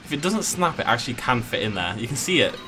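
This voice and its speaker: Male let's player, casual, jokey, theatrical swings in pitch. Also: very animated, quick pace, pushed and bright, soft background music. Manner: playful, jokey, mock-dramatic. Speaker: gameplay commentator. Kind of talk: casual let's play commentary.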